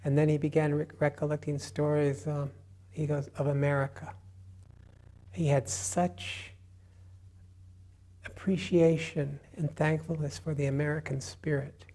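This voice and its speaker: An older man telling a personal memory in an unhurried, halting way, as an interview guest. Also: fairly high pitch, level tone, warm tone. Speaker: interviewee recalling his spiritual teacher. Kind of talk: personal reminiscence.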